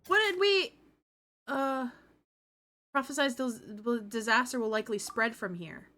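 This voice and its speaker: Young woman game streamer, loud excitable swearing, high bright voice, slow pace, music behind. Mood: excited. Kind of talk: live game reaction.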